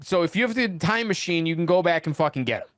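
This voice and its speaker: Man, angry profane rant, high voice, dry close sound. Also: expressive, quick pace, a bit bright, dry recording. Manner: angry, profane, ranting with repetition. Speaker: wrestling champion guest. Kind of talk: heated podcast rant.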